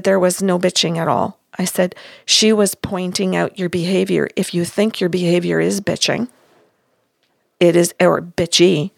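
Her fairly low voice touched with vocal fry, a counselor in her sixties relates a session by emphatically acting out each side of the dialogue. It's a dry, studio-quality recording.

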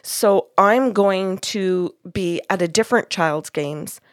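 A woman's voice: mid-range voice, slow pace, dry recording, studio quality. A woman podcast host retelling a session in casual chat, acting out the quoted dialogue.

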